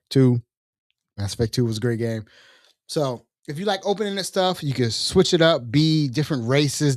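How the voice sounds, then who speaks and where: A young adult man hosting a casual solo podcast, telling stories in an animated, slangy way and jumping into voices for quotes. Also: medium pitch, no room sound, clean studio sound. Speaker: podcast host.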